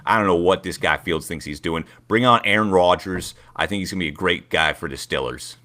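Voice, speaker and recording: A man doing a loud Pittsburgh fan ranting. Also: low-pitched, a little fast. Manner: gruff, ranting, heavy local slang. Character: loud brash male Pittsburgh sports fan. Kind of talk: podcast comedy bit.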